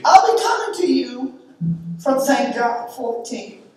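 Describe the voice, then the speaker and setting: A woman's voice: high voice, big pitch swings, slow. A woman speaking at a memorial service, reading scripture and sharing heartfelt, emphatic memories. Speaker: eulogy speaker. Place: church or memorial hall. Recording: echoey hall from a distance.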